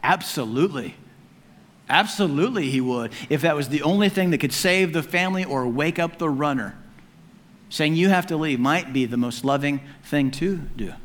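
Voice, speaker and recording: A man preaching a sermon as pastor in an animated, conversational and humorous way. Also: on the high side, moderate pace. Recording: long hall reverb.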